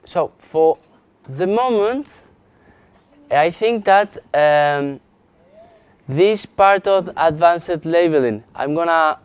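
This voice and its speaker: Clicking through each step on screen, a Spanish GIS instructor leads a live, hands-on software lesson without hurrying, often stopping, restarting, and using fillers. He has a Spanish accent and a smooth, clear voice on the high side, captured close and dry with no room sound.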